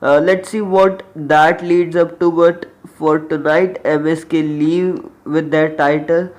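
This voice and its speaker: A young man with an Indian English accent and a slight cold hosts a casual wrestling review vlog. His voice is fairly high and flat, and he takes it slowly, rambling chattily and often trailing off.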